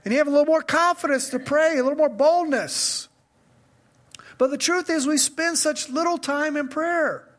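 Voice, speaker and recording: A man's voice: very high voice, normal speed, fairly bright tone. A male pastor preaching a sermon in a conversational style that builds to emphatic questions.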